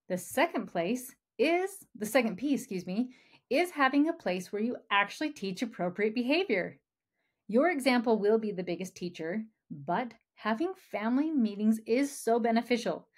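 Woman parenting coach, podcast host, encouraging and friendly, talks straight to the listener. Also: mid-range voice. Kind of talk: podcast advice talk.

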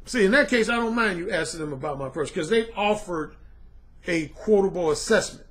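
Blunt, high-voiced man ranting casually. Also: expressive, fairly quick, a bit bright. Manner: blunt, colloquial, repeats "man". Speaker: dating coach. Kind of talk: casual monologue to viewers.

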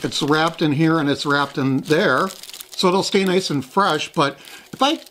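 A man with a fairly high voice hosts a casual taste-test vlog. He chats and rambles, stumbles over words and laughs at his own mistakes. A faint hiss sits under his voice. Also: unhurried, a bit bright. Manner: chatty, rambling, self-deprecating. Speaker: host.

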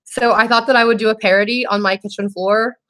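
A woman's voice: a little high, fairly even intonation, quick pace, fairly bright tone. Teary, grateful woman hosting a makeup livestream. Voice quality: emotional, teary and laughing, says y'all. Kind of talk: casual live-stream chat, reading comments aloud.

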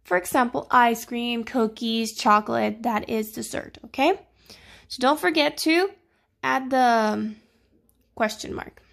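Here a woman speaks with fairly high pitch, vocal fry, and a slightly bright quality. She's a teacher taking children slowly and patiently through grammar, regularly checking in with "okay?" and "right?"

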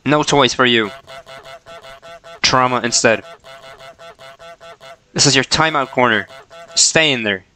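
Male streamer, playful, jokey play-by-play, clear, smooth voice. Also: medium pitch, pushed and bright, poor audio. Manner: playful, jokey, talks to the characters. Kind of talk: casual gameplay commentary.

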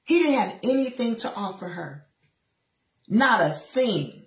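A middle-aged woman speaks at a medium pitch, delivering a faith-based motivational talk while seated. She is emphatic and sassy and drops quick asides. The room adds a noticeable echo. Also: lively intonation. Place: seated in a chair.

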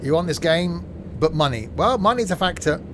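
A man talking through a driving game in a chatty, joking way, his voice bouncing lively up and sitting a bit high for a man. Clear game noise and vehicle hum run under his voice throughout. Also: moderate pace. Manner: chatty, jokey, narrates his own driving. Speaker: streamer. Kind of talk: casual gameplay commentary.

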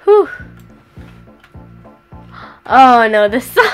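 Woman, game commentary, excitable, lively swooping pitch, unhurried. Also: clean tone, faint music behind. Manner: excitable, cries out and exclaims. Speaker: gameplay commentator.

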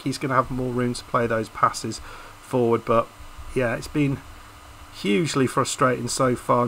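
A man's voice: medium pitch, vocal fry, fairly bright tone, slight background noise, low-quality recording. A man commentating casually over a football management video game, frustrated and hesitant, often restarting his sentences. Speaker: YouTube gaming host.

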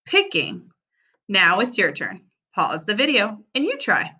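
A woman teacher giving a recorded reading lesson for young children, sounding out words slowly and clearly. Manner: slow, clear, sounding out words with animated pitch.

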